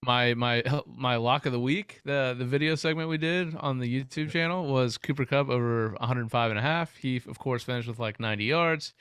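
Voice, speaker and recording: A man's voice: mid-range voice, normal speed, few pauses, fairly bright tone, clear, resonant tone, no room sound. A man co-hosting a sports podcast in casual chat, dry and teasing, laughing often. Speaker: podcast co-host.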